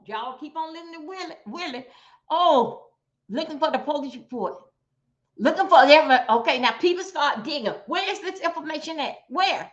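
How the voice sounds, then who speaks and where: A woman's voice: high voice, lively intonation, fairly quick, fairly bright tone. A woman hosting a livestream, giving blunt, profane commentary straight to her viewers. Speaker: livestream host. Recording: dull lo-fi stream audio.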